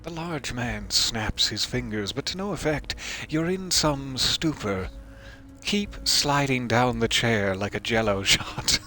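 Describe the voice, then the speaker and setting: A man with an animated, mid-range voice, pushed and bright, speaks slowly while streaming a game. In this casual commentary he cracks jokes, voices the hero's dialogue, and swings into mock panic.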